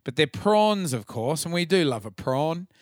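A man's voice: fairly high pitch, sing-song, normal speed, darkish tone, no room sound, studio quality. An Australian man co-hosting a podcast in casual chat, with crude, swearing, joking banter. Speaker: podcast co-host.

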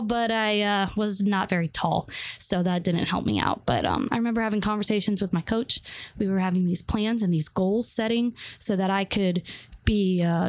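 A woman's voice: medium pitch, dry recording. A young adult woman telling her life story as a guest, rambling with many fillers and restarts. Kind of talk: personal testimony interview.

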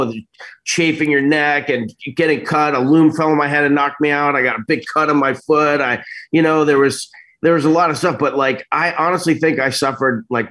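Brief: middle-aged male guest, slightly high pitch, animated, restarts sentences a lot. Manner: rambling, animated, self-interrupting. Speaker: actor interview guest. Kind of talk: casual storytelling interview.

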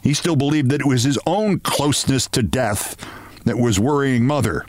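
A man, the host of the show, reading a comic story aloud in a lively, theatrical manner, recorded in a studio. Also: medium pitch, normal speed, dry recording.

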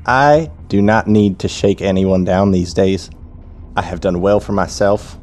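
A man's voice: sits low, darkish tone. A man voicing a boastful, menacing male assassin in a tabletop game, speaking in a put-on accent. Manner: slow, threatening drawl in a put-on accent.

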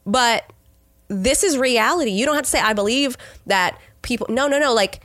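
A woman's voice: fairly high pitch, expressive, normal speed, fairly bright tone, dry recording. Earnest woman co-hosting a faith podcast. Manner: earnest, acts out sample conversations. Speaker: podcast co-host.

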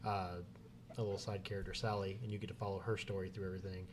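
A man's voice: deep voice, flat delivery, quick pace. A man co-hosting a casual podcast, explaining things eagerly. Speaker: podcast co-host. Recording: noisy background hiss.

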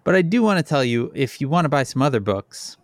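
A man hosting a podcast in casual chat, joking and animated. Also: mid-range voice, fast talker, no echo, clean studio sound. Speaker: podcast host.

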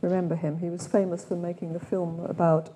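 A woman's voice: on the low side, little pitch movement, brisk, warm tone, in a large hall, a little hiss or hum. An older woman with an English accent leading a retreat day, speaking reflectively and asking many questions. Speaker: retreat leader. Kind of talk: retreat talk with read-aloud quotations. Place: meditation centre room.

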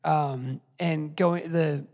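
A man's voice: fairly high pitch, steady tone, very slow, a little mellow, long reverb tail. A man hosting a podcast who talks reflectively, telling a story with many fillers. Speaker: podcast host. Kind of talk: conversational podcast interview.

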